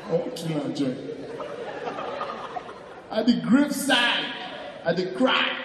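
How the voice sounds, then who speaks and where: A man's voice: high voice, animated, slow pace, pauses often, over a noisy crowd, very noisy. A man with a Nigerian accent doing a stand-up comedy routine, slipping into Pidgin and acting out mourners. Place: large venue on stage. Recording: echoey hall, distant mic.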